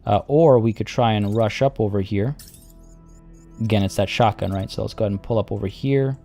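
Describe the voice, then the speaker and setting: A man's voice: lowish voice, a little fast, gravelly, mellow, faint music behind. A man giving live commentary on a strategy game, thinking aloud and chatting with his viewers while losing his voice. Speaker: game streamer.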